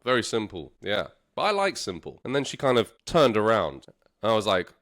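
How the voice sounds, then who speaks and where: A man tells a story for learners, repeating phrases slowly and playfully. His pitch swings widely from high to low, and he sounds animated throughout. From London. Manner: slow, repetitive, playful and animated with laughs. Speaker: English teacher.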